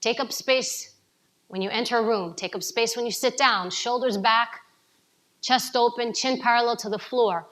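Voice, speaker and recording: A woman from New giving an energetic coaching talk to a live audience, asking them questions. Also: on the high side, moderate pace. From New York City. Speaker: speaker at a summit.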